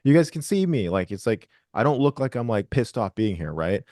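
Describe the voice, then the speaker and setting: A man's voice: mid-range voice, very animated, brisk, darkish tone, no room sound, studio quality. A man hosting a group video call, chatting casually in a rambling, profane way with lots of restarts. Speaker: host of a trading group call.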